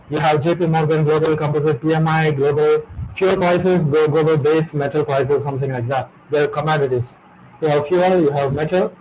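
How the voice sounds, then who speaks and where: A middle-aged lecturer talks through a webinar on his computer microphone. His voice sits a little high, and he drives his points home by repeating them. A faint hiss of background noise runs under the call. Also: a little mellow, poor audio. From India. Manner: emphatic, repetitive, lecturing.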